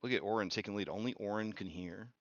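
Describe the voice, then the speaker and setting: A man's voice: on the low side, quick pace, no room sound. A man narrating a tabletop game as game master, hesitant and full of "um" and "like". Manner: hesitant, heavy on "um" and "like". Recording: slightly muffled, faint music behind.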